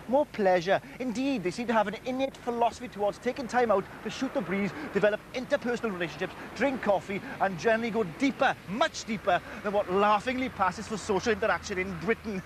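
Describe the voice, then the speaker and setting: Man, high voice, sardonic crude comic ranter, faint hum under it. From Wales. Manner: crude, sardonic and mock-pompous. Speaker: comedy presenter. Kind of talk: comic rant.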